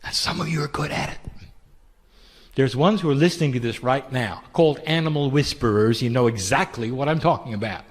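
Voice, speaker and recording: A man giving a channeled spiritual talk in a gentle, intimate, preacherly way. He often asks the listener rhetorical questions. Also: mid-range voice, a little fast, breathy edge, big-room sound.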